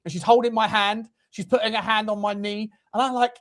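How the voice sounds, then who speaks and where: A man hosting a football fan show, telling stories in a casual, swearing, animated way. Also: high-pitched, a little fast. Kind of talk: casual chat.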